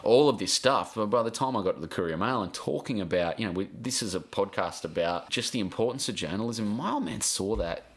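Heartfelt Australian man, low voice. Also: lively intonation, brisk, few pauses. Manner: rambling, heartfelt, swears casually, restarts a lot. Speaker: guest journalist. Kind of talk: emotional podcast interview.

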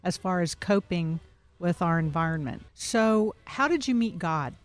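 A woman hosts an interview with a somewhat low voice, putting questions to her guest. She responds often with short affirmations between his answers. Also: expressive, measured pace. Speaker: interview host.

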